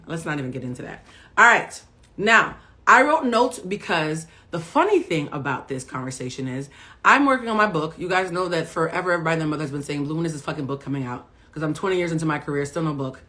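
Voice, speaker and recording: A middle-aged emotional intelligence coach speaks to viewers on a live stream, blunt and profane, firing off rhetorical questions like a preacher. Her voice sits low, with a bright, forceful tone.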